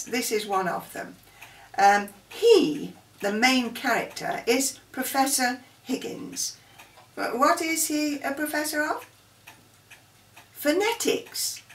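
A woman presenter talking slowly and chattily about a play, asking her listeners questions. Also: mid-range voice. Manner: slow, chatty teacher, asks questions. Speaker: drama presenter. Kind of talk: explaining a play to learners. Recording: roomy, from a distance.

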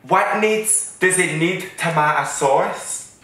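A man's voice: a little high, slow, pushed and bright. Man playing a sweary Scottish mum, spitting rage. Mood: scornful. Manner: swearing, aggressive, defensive. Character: foul-mouthed working-class Scottish mother, combative. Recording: echoey room.

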